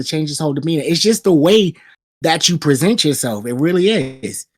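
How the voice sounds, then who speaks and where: A man's voice: fairly high pitch, a little fast, no room sound, clean studio sound. A man co-hosting a podcast, telling profane stories in casual chat. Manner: profane storyteller, animated retelling. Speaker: podcast co-host.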